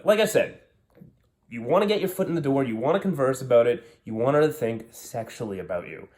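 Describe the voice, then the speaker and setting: A man's voice: medium pitch, lively intonation, fairly quick, darkish tone. A man talking bluntly as a dating coach, full of swearing and casual slang. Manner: profane, brash, direct. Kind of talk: blunt dating advice monologue.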